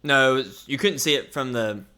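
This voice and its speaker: A man's voice: mid-range voice, normal speed, bright, forceful tone, clean tone. A young man co-hosting a podcast in casual chat, joking around and trying silly voices. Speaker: podcast co-host.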